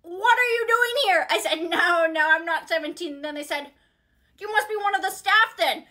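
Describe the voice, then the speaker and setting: A woman's voice: very high-pitched, normal speed, bright, forceful tone. A synthetic female text-to-speech voice playing a rambling, boastful old woman in a nursing home. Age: older. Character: delusional 104-year-old woman, boastful. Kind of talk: text-to-speech story narration.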